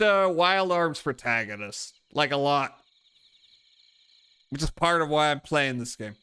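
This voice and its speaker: Lively, joking male game streamer. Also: medium pitch, normal speed, clear, resonant tone. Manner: joking, swears offhandedly. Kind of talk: casual commentary while playing a game.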